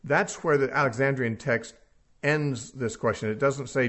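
A man's voice: mid-range voice, moderate pace, a bit bright. A man teaching through a Bible passage verse by verse, talking casually and thinking aloud with frequent fillers.

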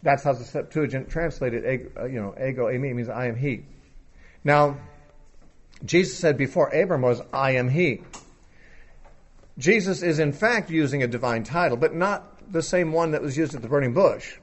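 A man's voice: mid-range voice, moderate pace. A man explaining a Bible passage in an unscripted teaching talk, thinking aloud with occasional fillers.

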